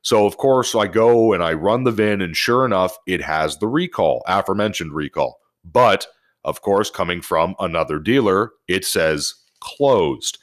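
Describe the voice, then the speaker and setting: Man, animated storyteller, low voice, lively and loose, swears freely. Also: unhurried. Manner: animated, profane, laughing storyteller. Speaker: podcast co-host, service advisor. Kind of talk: casual storytelling chat.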